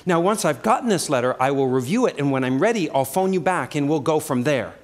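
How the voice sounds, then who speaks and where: Man from Oregon doing a one-man comedy show, high voice, frantic delivery, long theater reverb. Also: a little fast. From Oregon, USA. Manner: animated, frantic storytelling. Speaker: solo stage performer. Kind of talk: comic one-man stage monologue. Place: live theater with audience.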